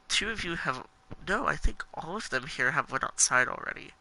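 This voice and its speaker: A man's voice: a little high, expressive, moderate pace, creaky, sharp tone, rough recording. A man reading game text aloud and commenting casually, playful and giggly, with jokey asides between the lines. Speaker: let's play gamer.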